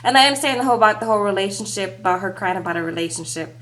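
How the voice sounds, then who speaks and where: A woman's voice: medium pitch, rapid-fire. A young woman recapping reality TV in a casual, sassy, gossipy way, peppering her talk with "like" and "okay". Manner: animated, sassy, heavy use of "like" and "okay".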